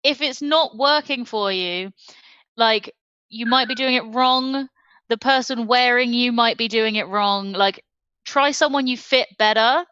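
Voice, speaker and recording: A woman's voice: a little high, a little slow, bright, forceful tone, clear, resonant tone, no room sound, muffled recording. A woman on a comedy panel giving dry, mock-official advice. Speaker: comedy game show panelist. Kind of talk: improvised comedy banter.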